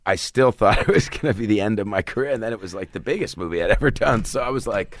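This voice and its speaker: A man's voice: fairly low pitch, animated, fast, no echo. A man chatting casually as an actor guest in an interview, rambling with fillers and restarts.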